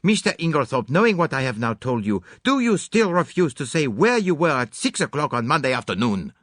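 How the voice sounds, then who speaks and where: A man voicing a fussy, theatrical detective who speaks slowly and pointedly in an audiobook. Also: on the high side, very animated, a bit bright, no room sound, clean studio sound, pitched above the performer's own voice. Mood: probing. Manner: slow, deliberate, pointed.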